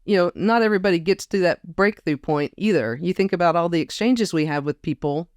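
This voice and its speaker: A woman's voice: fairly low pitch, brisk, a little mellow, no echo, clean studio sound. A woman guest in a casual conversation, reflective and storytelling, often quoting others. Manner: reflective storyteller, quotes others with put-on voices. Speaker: podcast guest.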